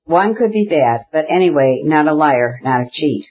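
A reader voicing Kitty, a proud young woman who speaks in impassioned, insistent bursts, with a husky voice. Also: medium pitch, lively intonation, moderate pace, highs cut off, close to an everyday voice. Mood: furious. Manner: impassioned, insistent, repeating herself. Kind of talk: audiobook character reading.

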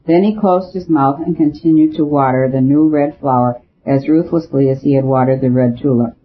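A man reading an audiobook as narrator, with a steady, even storytelling delivery. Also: mid-range voice, moderate pace, few pauses, slightly rough. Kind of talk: scripted narration. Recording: tinny phone-like audio.

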